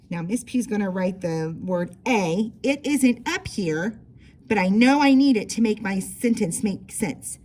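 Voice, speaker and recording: A woman teaching a young children's writing lesson, sounding out words slowly and encouraging her students. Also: fairly high pitch, expressive, darkish tone. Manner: slow, stretched-out word sounding for young children. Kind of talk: early-grade writing lesson.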